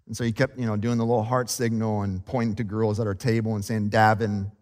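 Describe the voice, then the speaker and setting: A man who is a pastor, preaching a sermon in a relaxed, conversational and self-deprecating way, laughing often. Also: lowish voice, quick pace, in a large hall. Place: church sanctuary.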